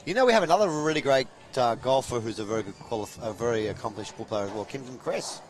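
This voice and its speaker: Male pool host, mid-pitched, chatty banter, live match commentary. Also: lively intonation, fast talker. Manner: chatty, playful banter, gives shout-outs to viewers. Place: commentary box at a pool venue.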